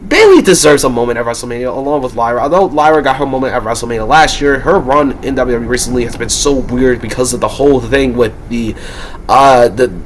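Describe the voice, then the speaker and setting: A man losing his voice, giving heated, frustrated wrestling predictions in a ranting vlog and breaking into loud, swearing outbursts. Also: mid-range voice, fast talker, slight background noise. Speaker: wrestling commentator and YouTuber.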